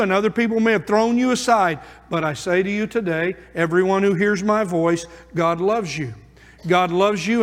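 A man preaching a sermon in a church, fervent and building emphasis through repeated phrases. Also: sits high. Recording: long reverb of a large hall.

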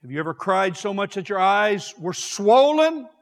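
A man preaching a sermon, swinging from quiet, slow passages to raised, shouted ones. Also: high-pitched, very animated. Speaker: pastor. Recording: long hall reverb.

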